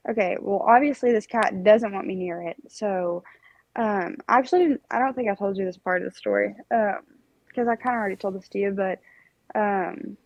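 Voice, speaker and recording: Casting: young woman, podcast co-host, animated rambling storyteller, dry close sound. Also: medium pitch, a little fast, no room sound, highs cut off. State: recovering from strep throat. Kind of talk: casual chat, storytelling.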